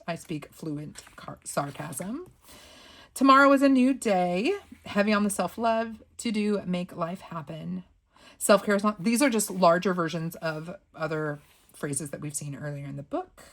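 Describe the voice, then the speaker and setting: A woman, casually flipping through sticker books and reading the quotes aloud with playful sass and frequent laughs. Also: lowish voice. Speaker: planner and sticker channel host.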